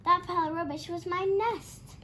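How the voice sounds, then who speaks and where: A fussy female duck from a storybook, shrill and scolding, pitched very high, as a woman puts her on. Faint background hiss sits under the voice. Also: big pitch swings, fast talker, a bit bright. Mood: cross.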